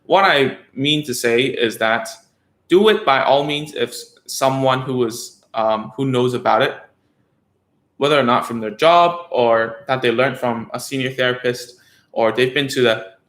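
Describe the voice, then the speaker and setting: Bright-voiced male speech therapist. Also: medium pitch, reverberant. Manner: conversational, rambling with frequent fillers and tag questions. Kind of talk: casual educational talk to parents.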